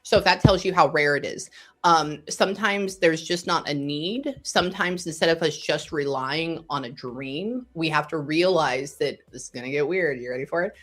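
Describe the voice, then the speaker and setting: With faint music behind her, a middle-aged psychic medium with a low-pitched voice recounts stories in a casual interview. Quick to laugh and animated, she alternates between excited bursts and hushed asides, and swears when worked up.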